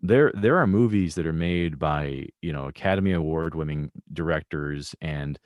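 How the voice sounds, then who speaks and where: A man's voice: extremely low pitch, moderate pace, no echo, muffled recording. A man co-hosting a casual podcast chat about a movie, thoughtful and full of restarts. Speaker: podcast co-host.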